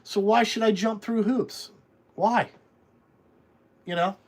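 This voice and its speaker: A man's voice: sits high, steady tone, takes it slowly. A man who runs a trucking business, talking in a blunt, rambling way and swearing freely in casual podcast conversation. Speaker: trucking company owner.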